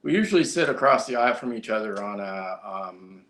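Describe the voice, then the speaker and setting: A man's voice: lowish voice, expressive, brisk, a bit bright. A man co-hosting a casual live-stream chat, telling long rambling stories with fillers and restarts. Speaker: co-host.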